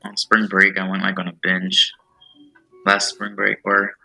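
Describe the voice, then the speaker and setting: Young male co-host, blunt, flat delivery, lowish voice with a sharp edge. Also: measured pace, gravelly, faint music behind, poor audio. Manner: flat, blunt, self-deprecating. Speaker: podcast co-host. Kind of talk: casual chat. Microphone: remote call.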